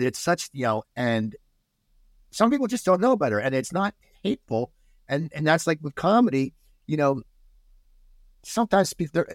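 A middle-aged man chatting as a podcast guest, telling stories in an animated way with many restarts. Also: mid-range voice, dry recording, studio quality. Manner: animated storyteller, restarts a lot. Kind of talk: casual podcast chat.

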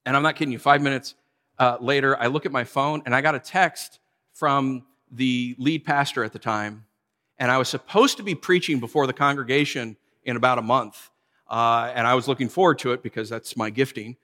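A man in his thirties preaching a casual storytelling sermon as pastor, animated and acting out voices from his stories. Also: mid-range voice, brisk. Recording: long hall reverb.

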